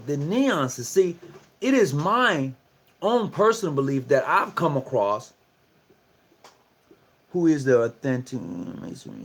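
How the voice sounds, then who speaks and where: A man giving a casual talk to fellow lodge members, repeating himself and asking rhetorical questions. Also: fairly high pitch. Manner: conversational and preachy, repeats phrases, asks rhetorical questions. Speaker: lodge speaker addressing fellow Masons. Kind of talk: casual lecture, livestream talk.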